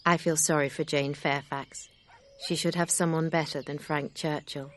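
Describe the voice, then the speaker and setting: A woman voicing a grave, kind gentleman suitor in an audiobook reading, speaking in a steady, sincere way. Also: deep voice, normal speed, slight background noise, lightly acted.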